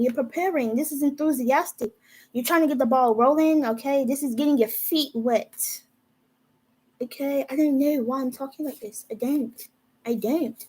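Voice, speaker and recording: A woman's voice: high-pitched, expressive, moderate pace, darkish tone, low-quality recording. A young woman giving a casual, profane tarot reading, talking straight to her viewers. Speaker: tarot reader.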